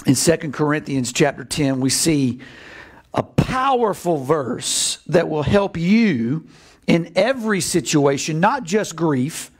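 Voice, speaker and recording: A middle-aged male pastor preaching a sermon, animated, bursting into excited shouts as he acts out scripture. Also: a little high, a little slow, breathy edge.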